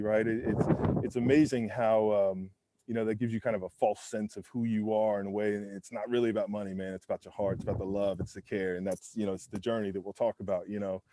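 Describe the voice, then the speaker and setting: Laid-back mellow-voiced man telling stories. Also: fairly low pitch, fairly even intonation, fast, slight background noise. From United States. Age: 40s. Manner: laid-back and candid, heavy on fillers like "man" and "you know"; acts out other people's lines while telling stories. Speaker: interview guest, former pro football lineman. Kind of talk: casual storytelling interview. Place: windy rooftop, outdoors.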